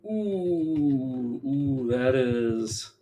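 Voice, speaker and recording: A man's voice: mid-range voice, lively intonation, drawn-out words, mellow, slight background noise. A man streaming a video game live, chatting casually in a rambling, profane, self-interrupting way.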